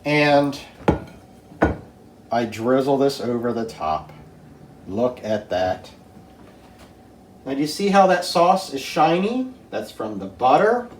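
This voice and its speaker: A man hosting a home cooking video, talking slowly and easily to viewers as he plates and tastes a dish in his kitchen. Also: mid-range voice, roomy sound, slight background noise. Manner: slow, relaxed, talks to viewers while tasting. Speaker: home cooking show host. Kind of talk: casual cooking demonstration.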